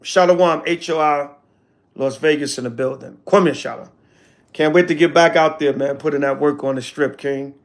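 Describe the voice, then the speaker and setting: Speaking at an ordinary speed in a slightly high voice, a man addresses his livestream viewers as an elder would. It's laid-back teaching where he reads the chat, responds to comments, and slips in slang and sarcasm.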